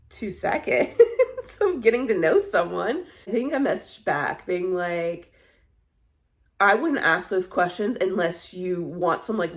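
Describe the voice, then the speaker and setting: A young woman talks straight to camera in a relaxed vlog chat, candid and blunt, with swearing sprinkled through. Her voice sits a little low and has a gravelly fry running under it. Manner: candid and blunt, swears freely, animated storytelling. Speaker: vlogger. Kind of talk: casual chat.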